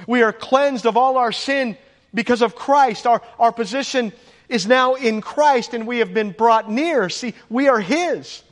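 A man preaching a sermon to his congregation, emphatic, rising for stress and asking the room questions. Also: extremely high pitch. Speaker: pastor. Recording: echoey church hall with long reverb.

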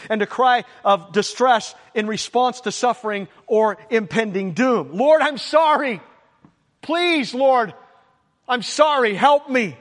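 A man's voice: high voice, fairly bright tone. A man preaching a sermon, emphatic and repeating his exhortations. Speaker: pastor. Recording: long hall reverb.

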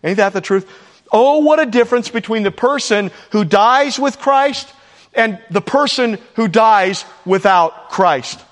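A man's voice: very high voice, measured pace, big-room sound. A man preaching a sermon as pastor, earnest, with rhetorical questions and repeated lines. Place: church sanctuary.

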